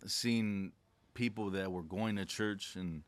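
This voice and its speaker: A man's voice: lowish voice, slow pace, no echo. A young man speaking as a podcast guest, laid-back and reflective, telling stories in casual slang. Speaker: podcast guest, credit specialist. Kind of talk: casual conversation.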